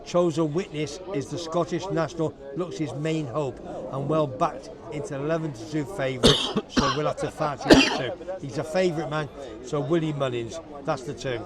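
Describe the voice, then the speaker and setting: A man talking as a guest on an outdoor livestream, his voice pitched a little high. He rambles and restarts, and fillers are scattered through his sentences. Steady crowd chatter fills the busy bar behind him. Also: moderate pace. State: lingering cough. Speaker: guest on a live chat show. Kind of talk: casual banter on a livestream.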